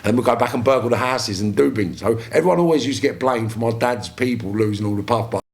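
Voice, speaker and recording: Brief: London man, gravelly voice, mid-pitched, animated storyteller who curses freely. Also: fast talker. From London, England. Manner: animated storyteller, swears freely, acts out quoted speech. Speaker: podcast guest. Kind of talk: casual storytelling interview.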